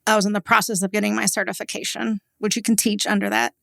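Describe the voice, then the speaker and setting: This woman, a forties-aged business owner from Texas, tells a personal story as a podcast guest, chatty and candid with lots of "like" and quick laughs. Her mid-range voice is gravelly and a bit bright, with fairly even intonation, captured dry in a clean studio.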